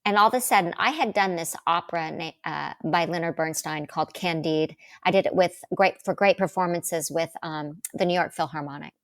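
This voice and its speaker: A middle-aged woman, a guest on a talk show, telling a story with lively quoted voices. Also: brisk, hardly any pauses, no echo. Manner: lively, acts out quotes with big pitch jumps. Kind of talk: animated storytelling.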